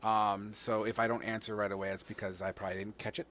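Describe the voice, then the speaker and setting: A man's voice: fairly low pitch, little pitch movement, fast talker, fairly bright tone. A man running a tabletop game stream, chatting loosely with frequent fillers. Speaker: game master. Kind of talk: casual chat.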